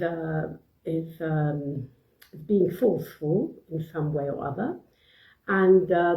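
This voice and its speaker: A woman's voice: medium pitch, mellow, reverberant, rough recording. A woman giving informal parenting advice off the cuff, with many fillers and restarts, acting out short parent and child exchanges. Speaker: parenting speaker.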